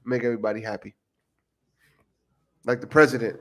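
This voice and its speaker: A man co-hosting a late-night podcast stream in a tired, rambling way. He jokes at his own expense, swears a lot and lets his sentences trail off. His voice sits at an everyday middle pitch. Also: normal speed, fairly bright tone. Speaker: podcast co-host. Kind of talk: casual livestream podcast chat.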